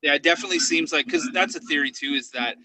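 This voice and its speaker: A man guesting on a podcast as a paranormal investigator, telling stories in a casual chat and acting out quotes in an excited high voice. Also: fast, dry recording, poor audio.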